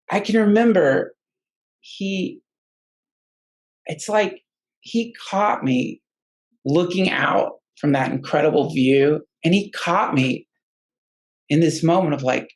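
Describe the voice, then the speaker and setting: A man's voice: a little high, vocal fry, low-quality recording. A man telling a personal story in a casual, rambling way, often stopping and restarting his sentences. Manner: halting and rambling, many restarts. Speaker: guest storyteller.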